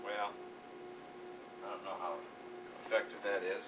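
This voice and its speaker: A man's voice: on the low side, level tone, measured pace, far from the mic, over loud music, rough recording. A father at home on a family camcorder tape, chatting playfully and teasing, slipping into baby talk for his son. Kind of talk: home video, casual family chat. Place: indoors at home. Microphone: camcorder mic.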